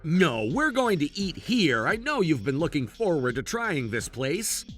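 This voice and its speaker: A man's voice: a little high, big pitch swings, unhurried, fairly bright tone, soft background music. A man voicing a patient father, talking in a restrained, earnest way with simmering frustration. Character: patient father taking his daughter to dinner. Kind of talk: animated story voice acting.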